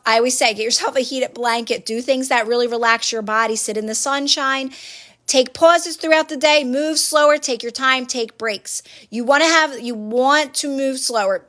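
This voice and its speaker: Speaking in a high, fairly bright voice, a livestream host on her phone gives viewers casual motivational advice. Her coaching style is earnest and repetitive.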